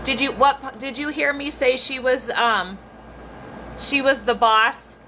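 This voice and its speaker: A woman's voice: high voice, fairly even intonation, slow pace. Chatty woman on a noisy livestream. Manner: chatty, laughs often, breaks off to fix her phone. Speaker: livestream psychic medium. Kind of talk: casual livestream chat. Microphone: phone on a tripod.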